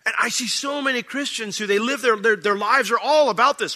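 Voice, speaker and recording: A man preaching a sermon, conversational at times and rising to loud, emphatic bursts. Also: extremely high pitch, fairly quick, hardly any pauses. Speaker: pastor. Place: church sanctuary.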